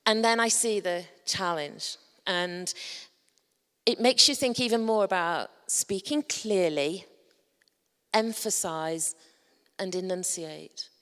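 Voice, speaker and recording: A woman's voice: fairly low pitch, takes it slowly, fairly bright tone, smooth. Brief: woman with a Yorkshire accent, conference speaker, chatty and jokey, long hall reverb. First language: English. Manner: chatty and humorous, addresses the audience directly. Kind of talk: presentation on public speaking.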